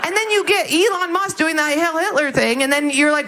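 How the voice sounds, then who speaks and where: A woman with a fairly high voice performs stand-up in a dry, mocking, casual way. Clear background noise sits under her voice. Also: very animated, normal speed. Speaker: stand-up comedian. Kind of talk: stand-up set. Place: comedy club stage.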